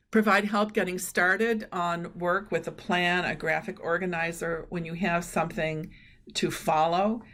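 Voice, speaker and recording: A middle-aged woman presents a webinar in an earnest, explaining manner, pausing on fillers as she tells anecdotes. Her voice sits a little low and has a gravelly, fry-touched edge. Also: fairly bright tone. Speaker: presenter on cognitive training.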